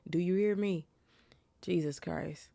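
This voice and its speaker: Low gravelly woman doing a chatty book club reading, dry close mic. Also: slow, mellow, no echo. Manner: chatty and slangy. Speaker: podcast host. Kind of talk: casual book reaction and reading aloud.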